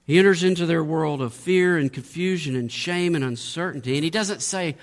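A man's voice: fairly high pitch, a little fast. Man preaching with emphatic rising peaks. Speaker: pastor. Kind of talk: sermon.

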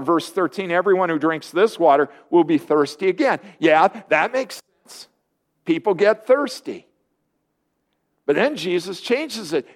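A man preaching a sermon, lively and earnest, often acting out the voices of people he quotes. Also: fairly high pitch. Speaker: pastor.

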